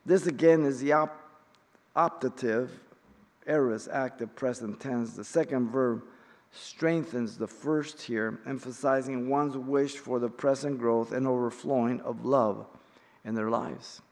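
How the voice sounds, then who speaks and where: A middle-aged man teaching an in-depth Bible study, speaking in a measured, emphatic way with pauses and occasional fillers. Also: medium pitch. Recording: long reverb in a hall.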